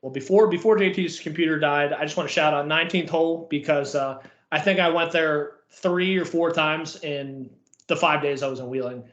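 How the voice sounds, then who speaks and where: A man's voice: fairly high pitch, fairly even intonation, normal speed, a bit bright, roomy sound, muffled recording. A young man co-hosting a podcast, chatting casually and rambling with lots of fillers. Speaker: podcast co-host. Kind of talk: casual chat.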